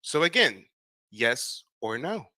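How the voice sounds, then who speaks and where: A man's voice: medium pitch, big pitch swings, slow, sharp tone, no echo. An American man hosting a livestream, grilling a caller in a mocking, demanding way and repeating his questions. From United States. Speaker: livestream host. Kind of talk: confrontational live debate.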